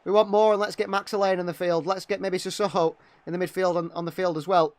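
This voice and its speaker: A young man giving partisan live fan commentary on a match, excitable and quick to criticise players. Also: high-pitched, no echo. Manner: excitable, exclaiming at big moments, critical of players.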